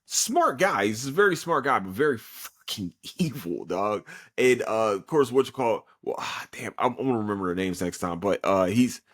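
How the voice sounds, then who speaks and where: A young man hosting a podcast, casually recapping an anime episode in an excitable, profane way with lots of fillers. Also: fairly low pitch, normal speed. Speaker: podcast host.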